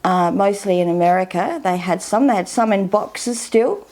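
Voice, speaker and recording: A woman in her sixties talks casually while unboxing something, her voice sitting at an ordinary middle pitch. She rambles along at an easy, unhurried pace with plenty of fillers. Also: darkish tone. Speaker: vlogger.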